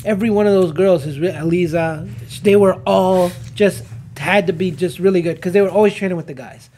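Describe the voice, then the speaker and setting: Man, high voice, animated storyteller, casual podcast chat, faint background noise. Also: brisk. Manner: animated storyteller acting out quotes. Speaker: podcast co-host, jiu-jitsu instructor.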